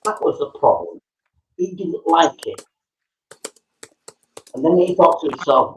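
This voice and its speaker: A man's voice: sits high, expressive, a little fast, slight background noise, low-quality recording. A man arguing heatedly on a livestream, repeating himself and swearing. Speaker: livestream chat member. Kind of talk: heated argument.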